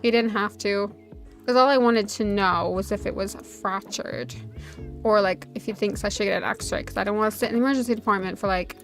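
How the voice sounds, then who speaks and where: A woman's voice: mid-range voice, fairly quick. Chatty woman streamer telling a story. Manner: chatty storytelling, full of "like" fillers. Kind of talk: casual chat while streaming a game. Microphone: desk USB microphone. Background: faint background music.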